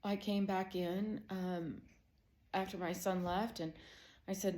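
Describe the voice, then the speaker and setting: A woman's voice: mid-range voice, fairly even intonation, slow, a little mellow. A middle-aged woman giving a personal testimony as a Christian counselor, telling a family story conversationally with many fillers. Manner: conversational storytelling, growing emotional; many fillers like "you know" and "um".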